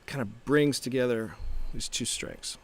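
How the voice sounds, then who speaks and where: This middle-aged startup founder and coach speaks in a mid-range voice at a measured pace. He's talking casually to camera in a reflective, motivational way, restarting sentences and asking rhetorical questions.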